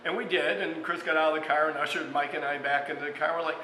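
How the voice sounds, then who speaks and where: A chatty male chef, his voice bright and on the high side, tells stories between recipe steps, full of fillers and little chuckles. He is recorded in a restaurant bar with a long, ringing reverb and a faint hum behind him. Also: fairly even intonation, quick pace, hardly any pauses. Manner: chatty storyteller, frequent fillers, chuckles mid-sentence. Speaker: restaurant executive chef hosting a cooking show. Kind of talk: casual cooking demonstration with anecdotes.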